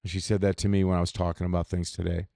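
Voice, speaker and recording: A man's voice: low voice, flat delivery, fast, creaky, warm tone, no echo, studio quality. A man hosting a solo podcast, talking in a candid, profane, rambling way with restarts. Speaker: podcast host. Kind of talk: solo reflective podcast monologue.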